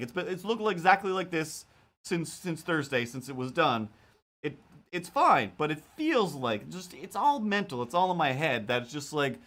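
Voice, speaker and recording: A man's voice: medium pitch, a bit bright. A man who is a cartoonist and live streamer, chatting casually in a rambling way, with lots of fillers and playful quotes of his own thoughts.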